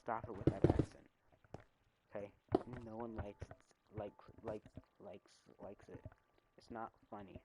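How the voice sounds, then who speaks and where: A young man streaming casually, rambling with many fillers, his volume swinging loud and soft. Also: lowish voice, little pitch movement, a little slow, pauses often, very noisy. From United States. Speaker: railfan streamer. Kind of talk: casual gameplay stream chat. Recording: loud music behind.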